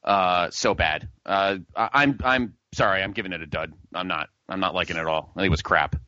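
A man hosting a casual podcast, animated and profane, laughing often as he reviews old matches. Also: sits low, brisk, dry recording, muffled recording. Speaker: podcast host. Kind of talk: casual wrestling review chat.

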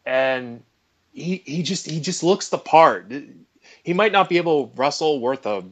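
A man's voice: on the high side, animated, a little slow. A man giving firm, emphatic opinions as a panelist on a casual podcast.

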